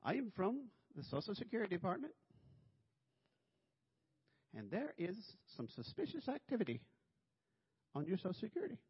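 A man's voice: on the high side, animated, fast, few pauses, breathy edge, no echo, voice pushed up. A man voicing a male phone scammer with an odd foreign accent and stiff, formal phone politeness. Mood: officious. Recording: dull lo-fi recording.

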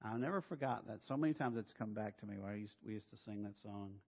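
A middle-aged man, a pastor, preaching a sermon in an animated, humorous way and acting out voices. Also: lowish voice, fast talker, creaky, few pauses. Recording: dull sound in a reverberant hall.

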